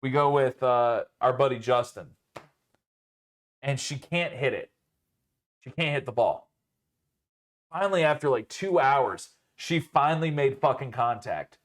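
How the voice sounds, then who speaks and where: A man's voice: medium pitch, unhurried, pauses often. A young man co-hosting a podcast, telling rambling, profane stories in casual chat and leaning on filler words.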